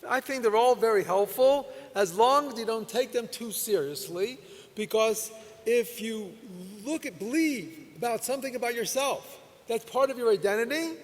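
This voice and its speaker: An older man, a rabbi, giving a Torah lecture at a convention in a folksy storytelling way. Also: extremely high pitch. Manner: folksy storytelling with soft laughs. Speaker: rabbi speaker. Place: convention hall. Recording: long hall reverb.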